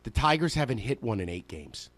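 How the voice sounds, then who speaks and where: A man's voice: medium pitch, very animated, fairly quick, no room sound. A man hosting a sports radio show, ranting with emphatic sarcasm into a studio microphone. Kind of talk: sports talk radio rant.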